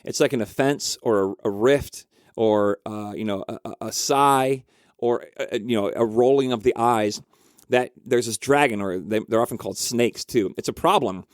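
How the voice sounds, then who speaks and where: A man in casual storytelling mode who counsels couples, talking in an animated, conversational way with lots of fillers. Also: medium pitch, normal speed, no room sound, clean studio sound. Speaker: marriage counselor.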